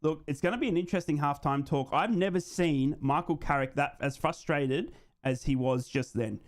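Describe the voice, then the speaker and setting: A man's voice: a little high, moderate pace. A man hosting a live football watchalong, giving running play-by-play and reading out viewer comments. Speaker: host of a live match watchalong stream.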